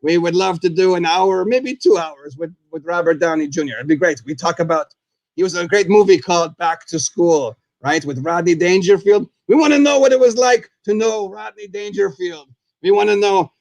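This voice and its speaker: A man hosting a live puppet talk show as a goofy, chatty skeleton, rambling and excitable, and referring to himself in the third person. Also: high-pitched, normal speed, creaky, no echo. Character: goofy skeleton host, male, chatty and silly. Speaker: host.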